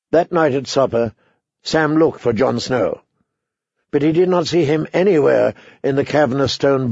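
Gravelly male audiobook narrator. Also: mid-range voice, no echo. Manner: steady storytelling, voices characters. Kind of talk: scripted narration. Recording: dry, slightly dull recording.

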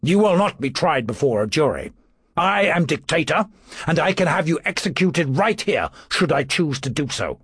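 A man voicing a Roman dictator, calm and authoritative. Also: a little high, moderate pace, slightly rough, no echo, clean studio sound, pitched above the performer's own voice, full character voice. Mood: commanding. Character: cold, commanding male Roman dictator.

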